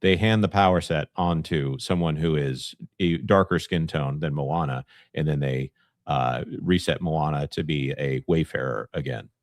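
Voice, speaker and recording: A man's voice: rumbling low, normal speed, no echo, clean studio sound. A man co-hosting a casual live stream, rambling and joking between bits. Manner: joking, rambling, slips into impressions. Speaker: co-host.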